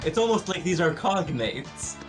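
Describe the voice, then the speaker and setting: Man, casual stream chat, rambling restarts, wry jokes, slightly high voice, clear music behind. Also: sing-song, normal speed.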